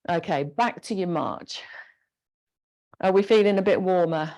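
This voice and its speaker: A woman instructor leading a gentle guided exercise class, encouraging and giving step-by-step movement cues. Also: lowish voice, unhurried.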